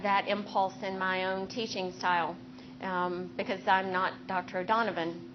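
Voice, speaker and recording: A neurosurgeon who also teaches clinically gives a faculty lecture, sharing personal stories in an earnest, even explanatory tone. She speaks at a middle pitch for a woman; the audio sounds slightly muffled with faint noise behind it.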